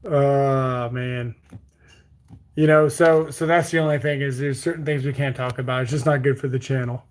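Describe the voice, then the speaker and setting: A man from Bermuda hosts a casual livestream, reading viewer comments aloud and answering with loose jokes. His accent blends Bermudian with Texas country, and he talks at normal speed with a medium pitch and steady tone.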